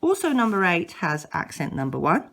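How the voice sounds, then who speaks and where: A woman teaching a language lesson, slowly modeling each word and exaggerating the tones for learners to repeat. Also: fairly low pitch, big pitch swings, fairly bright tone. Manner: exaggerates rising and falling tones.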